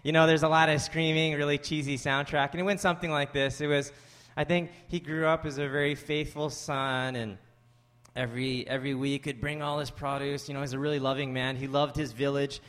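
A man with a voice on the high side preaches briskly as pastor, and the audio has a big-room sound. He tells stories and cites scripture conversationally, livening up as he throws jokey asides to the congregation.

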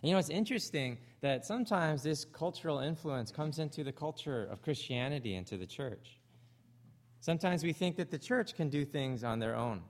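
Animated Canadian man preaching. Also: on the high side, brisk. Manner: animated, acts out quoted voices. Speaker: pastor. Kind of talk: sermon.

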